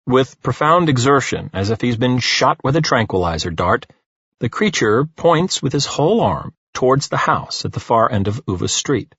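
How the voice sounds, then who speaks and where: A man reading an audiobook in a measured, dry storytelling manner. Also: mid-range voice, very animated, a bit bright, husky, dry recording, muffled recording. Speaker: audiobook narrator. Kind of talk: scripted audiobook narration.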